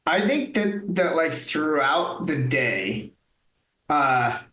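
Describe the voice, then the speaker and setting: Higher-voiced man in an echoey room. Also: big pitch swings, pushed and bright. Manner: halting, restarts, laid-back. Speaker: player. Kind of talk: casual chat at a game table.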